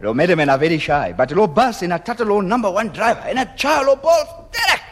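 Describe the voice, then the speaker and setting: Animated comedian telling a golf joke live. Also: male voice, high-pitched, quick pace. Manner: animated storytelling with bursts of laughter. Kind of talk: stand-up joke in mixed slang. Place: live venue before an audience. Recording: live hall with loud crowd and noise.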